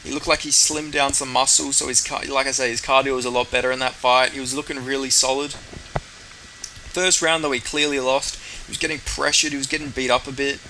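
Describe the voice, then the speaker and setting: A man talks through fight predictions in casual, rambling chat and swears freely. His voice is bright and forceful. A faint noise sits underneath. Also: medium pitch, level tone, fairly quick, poor audio.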